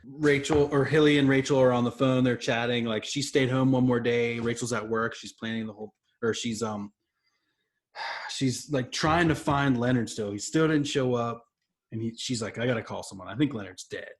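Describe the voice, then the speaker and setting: A man's voice: medium pitch, steady tone, normal speed. A man co-hosting a comic book podcast, casually recapping the plot with lots of fillers and restarts. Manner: rambling, summarizes plot with many fillers. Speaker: podcast co-host.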